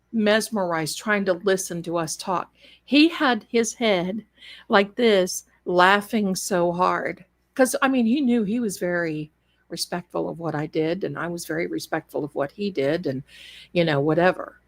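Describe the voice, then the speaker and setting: A woman's voice: lowish voice, a little slow. A woman telling a spooky personal story on a live show in a chatty, dramatic and folksy way, calling her listeners darlings.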